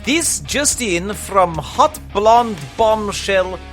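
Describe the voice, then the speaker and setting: A man's voice: mid-range voice, normal speed, sharp tone, faint music behind. A man voicing a Soviet radio operator who poses as an American host, speaking in exaggerated broken English with a boastful announcer delivery. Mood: mock-announcer.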